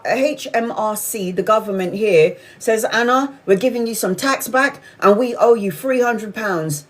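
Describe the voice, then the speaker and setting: A woman in her forties, hosting a casual spiritual livestream chat, telling candid stories with frequent swearing. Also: a little high. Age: 40s. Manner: candid, swearing, animated storytelling. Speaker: tarot reader livestream host.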